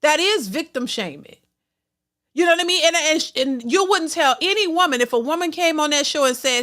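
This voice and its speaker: Female reaction host, high voice, opinionated, stumbles and restarts often. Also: animated, fairly quick, fairly bright tone. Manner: opinionated, frequent restarts and stammers. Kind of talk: reaction commentary.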